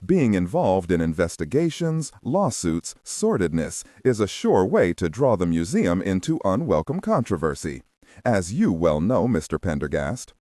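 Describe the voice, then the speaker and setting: A man's voice: low voice, big pitch swings, normal speed, warm tone, no echo, studio quality. A man narrating an audiobook, voicing a brusque, dismissive male museum lawyer.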